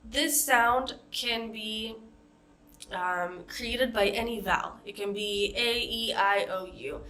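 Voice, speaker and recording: Slow, bright-voiced American woman teaching pronunciation. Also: a little high. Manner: slow, carefully modeled example words. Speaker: accent coach. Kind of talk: pronunciation lesson.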